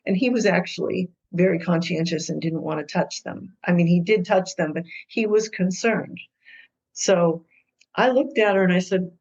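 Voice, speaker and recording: A woman guest who works as a co-parenting mediator tells stories in an interview, acting out the people in them with lively, hesitant speech. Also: fairly low pitch, normal speed. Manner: lively storyteller who acts out quoted people. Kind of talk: storytelling interview answers. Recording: dull lo-fi sound.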